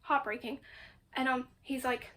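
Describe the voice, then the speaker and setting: A woman with a high voice recapping a book in a casual, chatty way. She tells it dramatically and sounds exasperated, with "like" sprinkled through every sentence. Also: steady tone, a little slow, bright, forceful tone, a little hiss or hum. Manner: chatty, full of "like". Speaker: book vlogger.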